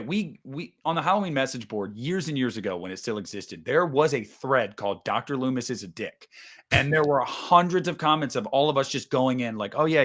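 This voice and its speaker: A man talking casually about horror films, swearing freely and acting out scenes, jumping into loud bursts. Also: mid-range voice. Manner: animated, swearing, acts out movie scenes with sudden loud jumps. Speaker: podcast host. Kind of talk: casual movie chat.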